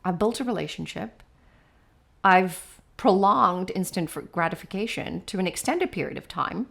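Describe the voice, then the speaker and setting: Woman, educator, podcast co-host, slightly low pitch, explanatory, frequent "right?", playful, animated. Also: moderate pace, vocal fry. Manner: playful and animated when acting out examples. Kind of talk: casual podcast discussion.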